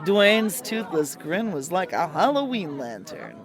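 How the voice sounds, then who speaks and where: A woman narrating a hardboiled comic mystery story in a wry, deadpan, theatrical way. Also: fairly low pitch, a little slow.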